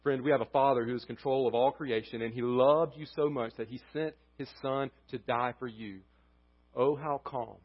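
A pastor preaching a sermon, impassioned, rising to near-shouts and dropping to hushed closings. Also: male voice, mid-range voice, fairly even intonation, normal speed, lo-fi sound. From United States. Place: church sanctuary.

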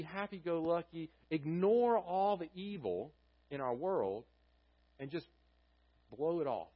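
Earnest preaching man, slightly high voice. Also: breathy edge, highs cut off. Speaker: pastor. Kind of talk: sermon.

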